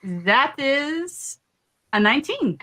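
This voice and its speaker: A woman taking part as a player in a tabletop game, earnest and quick to defend her choices. Her voice is high and bright, and it moves a lot in pitch. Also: big pitch swings. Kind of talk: casual tabletop game talk.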